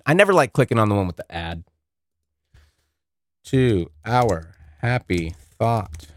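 A man's voice: sits low, dry recording, clean studio sound. A man hosting a podcast, rambling through a casual monologue full of profanity. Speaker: podcast host.

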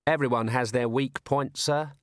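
Young assassin, overly courteous and eerily calm, voiced by a male narrator; dry close mic. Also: mid-range voice, moderate pace, no room sound, natural voice. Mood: polite. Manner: soft-spoken, overly courteous, keeps saying sir.

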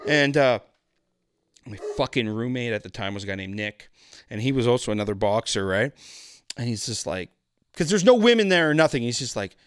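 Man, podcast guest, a lively storyteller who swears freely, dry close sound. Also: medium pitch, fairly quick, clean tone, no echo. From Canada. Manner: animated, profane, acts out voices in his stories. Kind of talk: casual storytelling.

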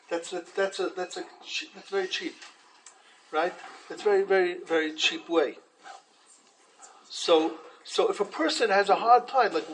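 A man teaching a Torah class in an animated way, restarting often and acting out quotes. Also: high voice, slight background noise, low-quality recording.

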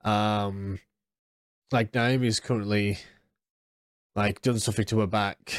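A man's voice: lowish voice, steady tone, slow, smooth, no room sound, clean studio sound. A man in his thirties with a congested, nasal voice, chatting casually as a podcast host in a rambling way. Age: 30s. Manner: rambling, with frequent restarts and fillers. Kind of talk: casual solo podcast chat.

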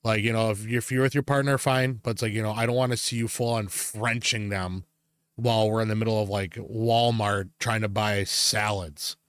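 A man's voice: on the low side, fairly even intonation, normal speed, a bit bright, clear, resonant tone, dry recording. A man co-hosting a casual podcast, rambling with plenty of fillers and swearing freely. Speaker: podcast co-host.

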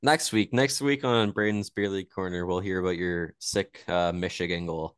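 A man's voice: low voice, steady tone, normal speed, smooth, no echo. A young man co-hosting a podcast, cutting in with dry teasing quips in casual chat. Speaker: podcast co-host.

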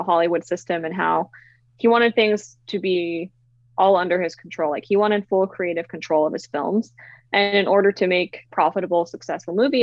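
A woman's voice: fairly low pitch, no echo. A woman guest on a podcast chatting enthusiastically, with laughing asides. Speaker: guest producer. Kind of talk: casual podcast chat. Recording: dull lo-fi dry sound.

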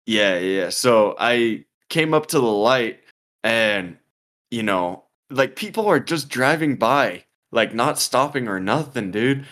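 A man's voice: medium pitch, lively intonation, takes it slowly, fairly bright tone. A young man co-hosting a podcast, telling a story in casual, profane, rambling chat full of "like" and "dude". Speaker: podcast co-host.

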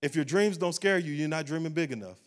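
A man's voice: on the high side, fast. A man, a pastor preaching a sermon at a church service and closing in a rising, fervent prayer.

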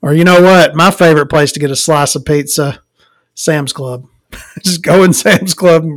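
A woman's voice: deep voice, normal speed, dry recording, rough recording. A woman who hosts a podcast from home, ranting casually and profanely with frequent chuckles. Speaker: podcast host. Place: at home with her dog.

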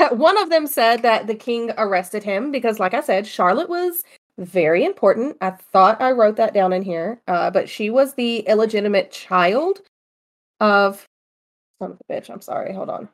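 A woman's voice: mid-range voice, animated, normal speed. A woman co-hosting a casual chat, telling ghost stories in a joking, chatty way. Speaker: podcast co-host.

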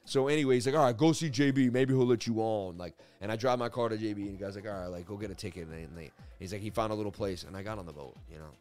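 A man's voice: lowish voice, racing, few pauses, faint music behind. A man hosting a crypto market show, telling a rambling story full of "like" fillers and then talking through charts. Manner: animated, rambling, frequent "like" fillers. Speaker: crypto market analysis host. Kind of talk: casual storytelling and chart commentary.

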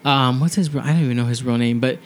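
A woman's voice: extremely low pitch, quick pace. A young woman co-hosting a podcast, rambling with many fillers and restarts in casual chat. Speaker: podcast co-host.

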